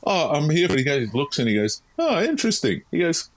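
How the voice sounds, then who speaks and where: An Australian man, a podcast guest, telling his story in a frank, animated, casual way with frequent restarts. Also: on the high side, fairly quick, no room sound.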